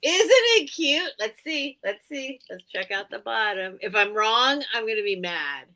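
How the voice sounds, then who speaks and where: A woman hosting a live online sale, chatting excitably and teasing herself. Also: medium pitch, normal speed, rough recording. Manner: chatty, excitable, self-mocking. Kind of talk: casual live-sale chat.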